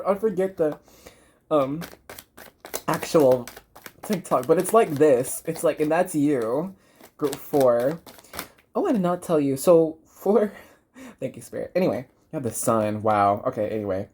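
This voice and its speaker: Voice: medium pitch, animated, unhurried, long pauses, a little mellow, a little hiss or hum. Tarot reader from Dallas, Texas: chatty, encouraging reading, loose and rambling.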